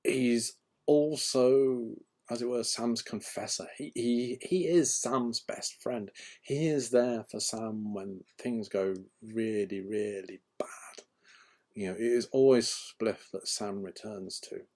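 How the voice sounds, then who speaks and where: A man's voice: mid-range voice, slow, darkish tone. A man, an author, chatting casually and rambling with frequent ums and restarts. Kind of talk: casual chat.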